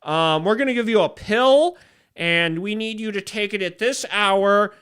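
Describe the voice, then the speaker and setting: A man's voice: a little slow, a bit bright, clear, resonant tone. A man doing a mocking impression of a whiny, preachy leftist. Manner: sneering, high-pitched mockery.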